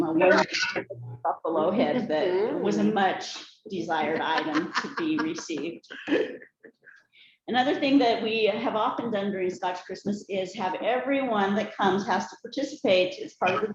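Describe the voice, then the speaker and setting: A woman giving a cheerful, folksy speech to a group about her family traditions. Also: medium pitch. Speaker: speaker giving a family talk. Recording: echoey room, slightly dull sound, faint noise.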